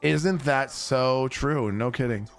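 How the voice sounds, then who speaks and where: A man's voice: medium pitch, slow, creaky, clean tone, soft background music. A man, rambling and chatting casually with viewers during a game stream, swearing now and then. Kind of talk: casual chat with viewers while gaming.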